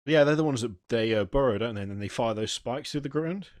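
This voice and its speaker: A man's voice: mid-range voice, quick pace, a little mellow, no room sound, studio quality. A young man co-hosting a gaming podcast, playful and teasing as he chats. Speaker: podcast co-host. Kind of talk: casual gaming chat.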